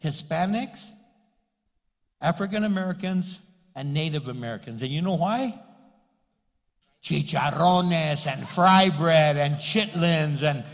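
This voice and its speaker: A man with a New Mexican accent preaching a sermon as pastor, animated and joking, acting out voices. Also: fairly high pitch, slow, pauses often, in a large hall. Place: church sanctuary.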